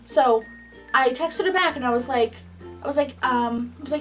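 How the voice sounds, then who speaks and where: A young woman vlogger telling a first-job story in casual, animated chat, with lots of "like" between phrases. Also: high voice, normal speed, distant mic, soft background music. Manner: chatty and animated, heavy on "like".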